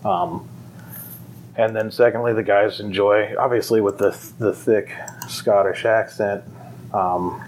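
A man's voice: fairly low pitch, steady tone, measured pace, darkish tone, a little hiss or hum, poor audio. A man who runs a fire department pipe band school, talking casually and rambling with many fillers and restarts. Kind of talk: casual conversation.

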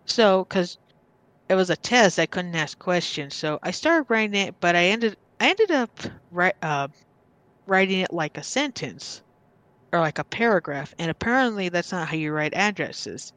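A woman's voice: fairly low pitch, expressive, moderate pace, fairly bright tone, dry recording. A woman guest on a podcast, casually telling a personal story and often stopping to restart or repeat her words.

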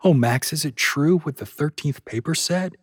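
A man's voice: on the high side, normal speed, breathy edge, no room sound, clean studio sound, pitched above the performer's own voice. A man playing a breathless young woman. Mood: anxious. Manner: gasping.

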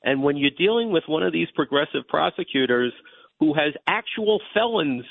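A male legal commentator, a guest on a radio talk show, arguing in a measured way with frequent restarts over a phone line. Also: fairly high pitch, expressive, creaky, no room sound.

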